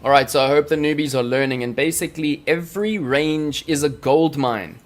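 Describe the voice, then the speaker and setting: A crypto trading livestream host, a man with a voice on the high side, talks a little fast as he teaches chart reading in a playful, jokey, chatty style packed with fillers. Faint music plays in the background.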